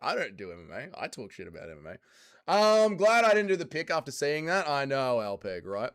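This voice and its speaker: A man's voice: fairly high pitch, big pitch swings, fairly quick, a bit bright, smooth. A man with an Australian accent hosting a livestream, answering chat comments in sweary, joking banter. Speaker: livestream host reading chat.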